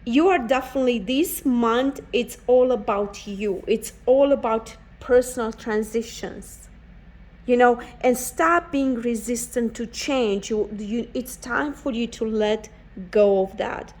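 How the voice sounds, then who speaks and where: A woman's voice: a little high, measured pace, darkish tone, poor audio. A woman doing a pick-a-card tarot reading, speaking in an earnest, encouraging way and often repeating herself. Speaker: tarot reader.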